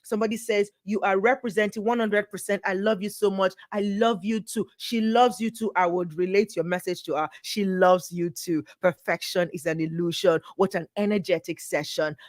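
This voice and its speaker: A woman's voice: mid-range voice, steady tone, normal speed, hardly any pauses, no echo. Brief: woman, livestream MC, playful and gushing, dry close sound. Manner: playful, effusive, reads comments aloud. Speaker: livestream speaker and event MC. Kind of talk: lively livestream talk to viewers. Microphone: webcam setup, speaking to camera.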